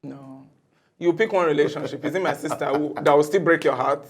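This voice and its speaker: A man's voice: fairly high pitch, a little fast, husky. A man appearing as a talk show guest, speaking animatedly and laughing as he talks. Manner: animated, laughs while talking. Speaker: guest, media personality. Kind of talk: casual studio discussion.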